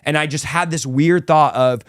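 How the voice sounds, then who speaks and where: Casual, animated man telling a story. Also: on the high side, moderate pace, clean tone, no echo, studio quality. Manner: casual, animated, says "dude" and "like" often. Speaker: guest telling his testimony. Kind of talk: emotional storytelling in conversation.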